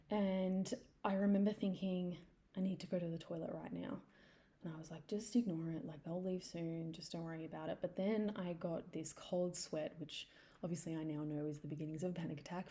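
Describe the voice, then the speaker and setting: A woman's voice: fairly low pitch, dark tone. A young adult woman hosting a podcast, candidly telling a personal story in a confessional monologue. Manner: candid and confessional, with some swearing. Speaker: podcast host.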